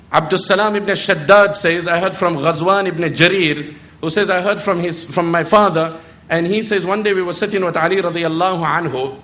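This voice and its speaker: In a bright, forceful tone, a noticeably high-voiced middle-aged man preaches a sermon. He acts out the people in his stories and sometimes recites Arabic verses.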